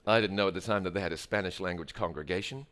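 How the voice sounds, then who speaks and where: A man's voice: sits low, fast talker. A man with a New Zealand accent telling his testimony in a humorous, storytelling sermon. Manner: animated, humorous, acts out dialogue. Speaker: preacher giving a testimony.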